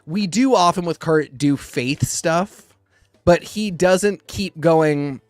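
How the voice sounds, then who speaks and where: Animated man chatting about comics. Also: a little high, dry recording, studio quality. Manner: rambling, animated, quick asides. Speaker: podcast co-host. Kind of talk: casual comics discussion.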